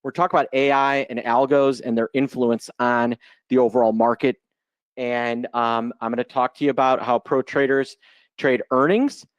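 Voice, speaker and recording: Over a video call mic, a 40-something options trader from Chicago, United States, delivers a loose, unscripted, joking webinar talk as a guest presenter. His medium-pitched voice has a clean tone, though the audio is dry and dull.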